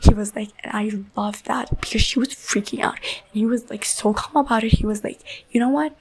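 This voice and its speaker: A woman's voice: mid-range voice, steady tone, brisk, slightly rough, poor audio. A woman giving a casual, rambling spoiler review of a book, full of "like" and "you know", emotionally invested and often dropping into a half-whisper.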